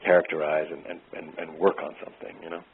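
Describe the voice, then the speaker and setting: A man, an actor, answering interview questions in an easygoing way, pausing often with fillers to find his words. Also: rumbling low, little pitch movement, vocal fry, slight background noise. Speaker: actor guest. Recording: tinny phone-like line.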